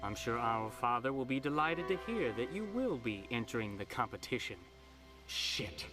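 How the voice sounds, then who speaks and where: An actor playing a smug, scheming rich young man who speaks in a sneering, mock-polite way, in a dubbed animated film. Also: medium pitch, moderate pace, over music, natural voice.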